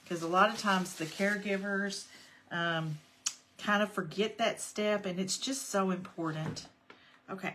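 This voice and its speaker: Bright-voiced woman crafting live. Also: medium pitch, a little hiss or hum. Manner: chatty, greets viewers by name between steps. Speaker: craft tutorial host. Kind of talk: casual livestream craft demo.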